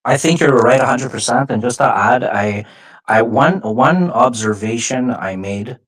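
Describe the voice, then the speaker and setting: A man's voice: medium pitch, a little slow, fairly bright tone, breathy edge. A man with an ordinary mid-range voice chats casually on a podcast, spinning anecdotes in slangy, easygoing speech. He sounds like a friend talking across the table. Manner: chatty storyteller, slangy. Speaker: podcast co-host. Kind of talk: casual conversation.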